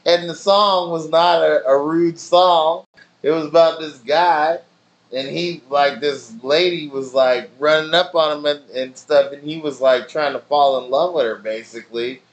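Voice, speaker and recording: A man's voice: fairly high pitch, fairly even intonation, unhurried, lo-fi sound. Rambling, slangy man chatting on stream. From family in Nigeria. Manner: loose, rambling storytelling with slang and swearing. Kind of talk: casual chat with stream viewers.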